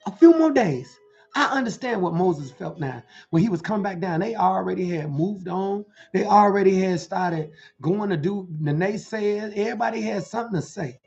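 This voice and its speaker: A man with a gravelly, rough-edged voice preaches motivation to his listeners in rhythmic, rhyming bursts. He keeps asking them whether they are following along. The sound is dull and lo-fi, with faint music underneath. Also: sits high, normal speed, hardly any pauses, darkish tone. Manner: rhythmic, rhyming phrases with frequent calls to listeners. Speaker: motivational preacher and life coach. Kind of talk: motivational preaching to an online audience.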